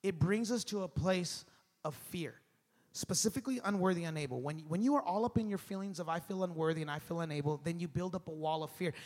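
A man in his thirties preaching a sermon as pastor, animated and conversational, calling on the congregation to respond. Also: a little high, fast. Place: large church hall. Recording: long hall reverb.

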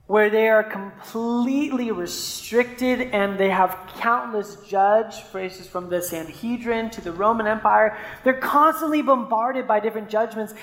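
A man preaches a sermon in an easygoing, conversational way, weaving in stories and tossing out quick asides to the room. His voice rings out with a long reverb, as in a large hall. The sound is roomy rather than close. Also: high voice, a bit bright. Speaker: pastor.

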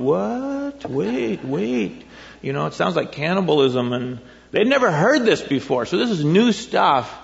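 A man preaching a relaxed, rambling sermon, his slightly high voice rough with gravel. He keeps asking the congregation rhetorical questions between scripture readings. The sound is dull and rings with a long church echo. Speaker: pastor. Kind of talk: conversational sermon. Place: church sanctuary. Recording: dull, echoey church recording.

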